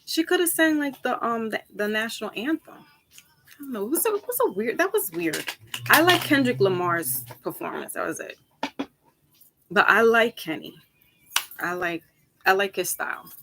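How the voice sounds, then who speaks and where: A woman tarot reader chatting casually with her viewers, rambling from topic to topic, laughing easily and jumping up high for emphasis. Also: big pitch swings, moderate pace, pauses often, fairly bright tone, slight background noise. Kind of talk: casual chat with viewers before a reading.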